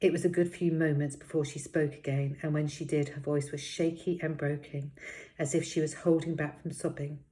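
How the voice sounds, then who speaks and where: A woman reads a children's novel aloud, narrating in a steady, expressive way. Her voice sits low and deep for a woman. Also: normal speed. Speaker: storybook reader.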